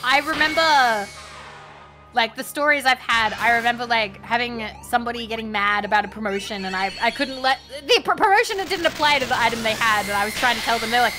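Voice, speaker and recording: A woman's voice: fairly high pitch, a little fast, bright, forceful tone, faint music behind. A young woman telling stories in a casual stream chat, laughing often and acting out customers. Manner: chatty storyteller, laughs often, acts out customers.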